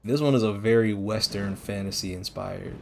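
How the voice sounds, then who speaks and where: A man's voice: lowish voice, moderate pace, creaky, a little mellow, a little hiss or hum. A young man streaming a video game, joking and teasing in casual, profane commentary.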